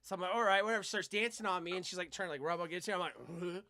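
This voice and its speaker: A man's voice: high-pitched, very fast. A young man co-hosting a podcast, telling a rambling, profane story in casual chat. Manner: profane, animated, rambling anecdotes. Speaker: podcast co-host.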